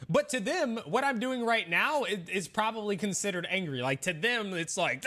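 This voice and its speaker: Young male streamer, casual and defensive, rambling with fillers; fairly high voice. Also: lively intonation, moderate pace, bright, forceful tone. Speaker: game streamer. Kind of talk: casual chat with viewers.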